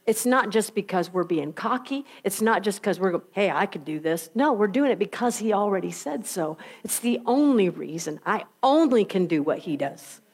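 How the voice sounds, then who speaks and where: A woman's voice: mid-range voice, animated, moderate pace, few pauses, darkish tone, slightly rough. A woman preacher retelling scripture in a conversational, emphatic storytelling sermon.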